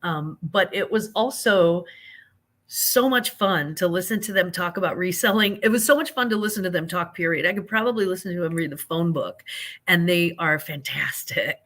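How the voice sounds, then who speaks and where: A woman's voice: lowish voice, moderate pace, fairly bright tone. A woman, hosting a casual live chat and greeting viewers by name in a chatty, folksy way. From American Midwest. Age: 50s. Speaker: livestream host.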